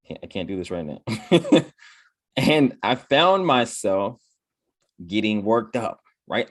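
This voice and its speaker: Speaking casually, a male motivational speaker dramatizes his inner voice in quotes and tags "right?" onto almost every point. His voice sits on the low side, in a dry, studio-quality recording.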